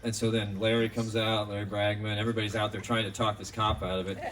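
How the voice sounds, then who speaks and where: Male eulogist, slightly low voice, chatty and rambling, picked up from a distance outdoors. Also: level tone, fast talker, fairly bright tone. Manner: rambling, anecdotal, many fillers. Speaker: speaker at a memorial. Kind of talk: storytelling memorial tribute. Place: outdoors in a park. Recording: distant mic outdoors, faint background noise.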